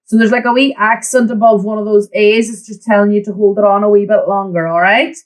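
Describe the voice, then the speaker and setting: A woman teaching a flute lesson, giving tips and counting the student in with steady encouragement. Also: medium pitch, fairly quick, poor audio. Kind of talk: online music lesson.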